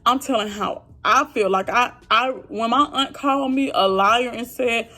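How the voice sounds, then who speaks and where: A woman's voice: fairly high pitch, normal speed, hardly any pauses, sharp tone. A young woman venting to her viewers about family trouble, frustrated and heartfelt, speaking directly and casually. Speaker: vlogger. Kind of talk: emotional venting to camera.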